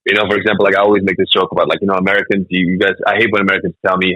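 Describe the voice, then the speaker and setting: Comedian guest, male, 30s; quick, punchy, animated storyteller. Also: sits low, dry recording, poor audio. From Germany. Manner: animated storytelling, laughs often. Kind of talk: casual interview chat.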